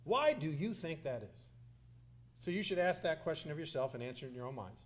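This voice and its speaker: A Texan-accented man delivering a campaign speech at a live forum, with a slightly high voice for a man. He is passionate and folksy, and his anecdotes often turn into jokes. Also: lively intonation, a little fast. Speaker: politician speaking at a candidate forum. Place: civic center hall, live event.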